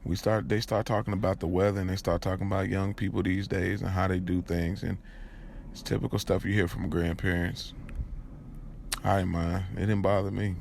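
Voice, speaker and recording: A man narrating a first-person audio drama in a conversational, halting way, with restarts. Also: sits low, little pitch movement, gravelly, darkish tone, a little hiss or hum.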